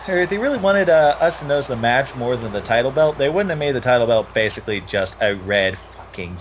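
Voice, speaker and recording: A man's voice: mid-range voice, lively intonation, fairly quick, slight background noise. A young man commentating a wrestling video game in a rambling, opinionated, profane way.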